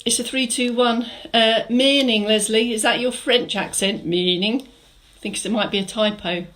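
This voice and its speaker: Middle-aged english woman running an online movement class, chatty and upbeat, voice a bit on the high side. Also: normal speed, fairly bright tone, low-quality recording. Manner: chatty, encouraging, reads viewer comments aloud. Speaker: fitness instructor. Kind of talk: live online exercise class.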